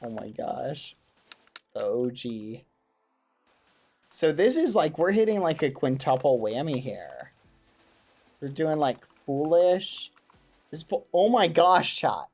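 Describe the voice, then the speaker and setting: Slow-talking excitable male streamer. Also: fairly high pitch, vocal fry, soft background music. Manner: excitable, talks to his chat; wholesome, avoids swearing. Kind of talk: casual gaming livestream chat.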